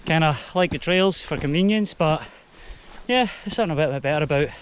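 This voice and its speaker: Fairly quick and on the high side, his voice carries a little hiss or hum as he vlogs a walk up a mountain in a chatty, casual way. He's young and Scottish-accented, with English first and Spanish heritage only.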